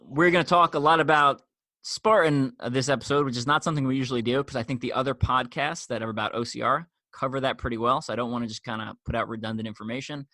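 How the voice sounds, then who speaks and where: A man hosts a podcast in a relaxed, chatty manner, dropping fillers as he goes. His voice is bright and forward. The sound is dry and close, with no room around it. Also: medium pitch, quick pace, no room sound. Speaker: podcast host. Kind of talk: conversational podcast hosting.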